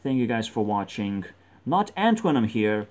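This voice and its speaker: A man's voice: fairly low pitch, big pitch swings, normal speed, darkish tone. A man rambling through gameplay commentary, swearing constantly and joking as he goes. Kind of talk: rambling let's-play commentary.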